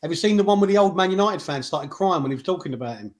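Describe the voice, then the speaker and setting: A man's voice: sits high, expressive, very fast. A man co-hosting a casual football chat, chatty and teasing his co-host. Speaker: podcast co-host.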